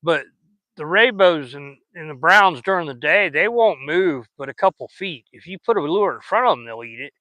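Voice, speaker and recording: Folksy Southern man, bright voice. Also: a little high, lively intonation, normal speed, no room sound, poor audio. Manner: folksy, rambling, chatty. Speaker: fishing vlogger. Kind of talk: casual chat while fishing. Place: outdoors on a river.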